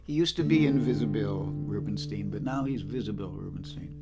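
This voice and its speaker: A man's voice: fairly low pitch, fairly quick, gravelly, loud music behind the voice. An older man hosting a livestream concert, chatting casually between songs and greeting viewers by name with a rambling manner. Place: home, livestream. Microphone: livestream microphone.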